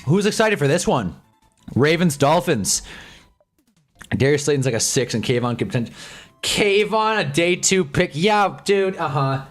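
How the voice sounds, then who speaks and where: Young male streamer, casual rant, swings loud to mumbled, swears a lot, very expressive pitch. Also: unhurried, soft background music. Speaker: sports streamer. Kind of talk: casual livestream chat reading fan comments.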